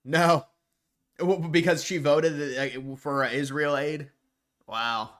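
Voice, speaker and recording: An American man hosts a casual livestream, answering chat messages as they come in. His voice has a bright edge, and he thinks out loud in loose, rambling commentary. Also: a little high, steady tone, takes it slowly. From United States. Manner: rambling, thinking aloud with frequent restarts. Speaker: livestream host.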